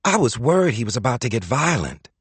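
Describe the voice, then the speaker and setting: A man's voice: mid-range voice, very animated, fast talker, husky, dry recording, voice pushed up. A man voicing a scheming older woman who gushes with false sweetness. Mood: falsely sweet.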